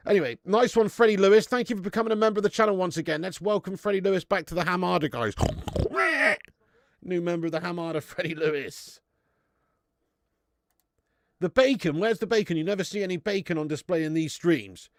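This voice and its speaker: Bantering with his chat and cursing freely, this thirtysomething man runs a live football watch-along full of casual commentary. He speaks on the high side with a creaky edge. The recording is dry and studio-clean.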